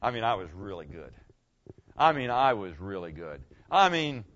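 A male pastor acting out a boastful churchgoing man bragging about his good deeds in a slightly lower, smug voice. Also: sing-song, moderate pace, fairly bright tone, highs cut off.

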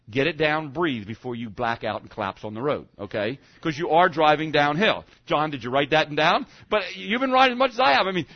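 A man preaching a conversational sermon as a pastor, often checking in with the congregation and restarting his sentences, rising to emphatic peaks and dropping to quiet asides. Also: dry recording. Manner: conversational, keeps asking "okay?", stammering restarts; swings between emphatic rises and low quiet asides. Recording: dull, muffled lo-fi recording.

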